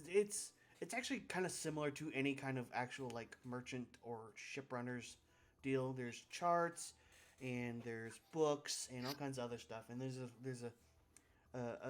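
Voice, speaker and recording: A man running a tabletop game on a live stream, talking casually with many fillers and restarts. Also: medium pitch. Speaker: game master.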